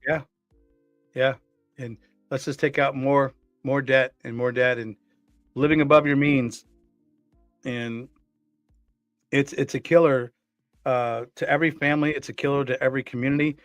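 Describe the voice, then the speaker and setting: A man's voice: mid-range voice, fairly even intonation, moderate pace, long pauses, no room sound, soft background music. Earnest man co-hosting a talk show. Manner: earnest, repeats words and restarts. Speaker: co-host. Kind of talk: casual conversational commentary.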